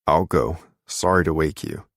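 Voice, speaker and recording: A man's voice: a bass voice, steady tone, moderate pace, no room sound, studio quality, voice pushed down. A male narrator voicing a grumpy adult chef and older brother, flustered and grudging.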